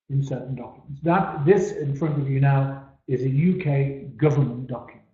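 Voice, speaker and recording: A man giving a webinar presentation, stressing key words and letting phrase ends trail off, often repeating words as he restarts. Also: mid-range voice. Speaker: webinar speaker. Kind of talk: presentation talk. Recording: echoey, dull-sounding room recording.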